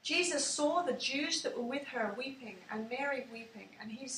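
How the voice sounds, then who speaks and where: A woman reads a Bible story aloud in a slow, measured storytelling manner. Her voice is high and bright. The sound comes from a distance in an echoey room with faint ambience behind her. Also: slight background noise. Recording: echoey room, mic far off.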